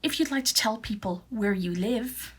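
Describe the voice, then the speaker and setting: A woman with an Irish accent teaching beginner Irish phrases, slowly repeating each one for learners at home. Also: on the high side, husky. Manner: slow careful repetition of phrases. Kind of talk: beginner Irish language lesson. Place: at home for an online video.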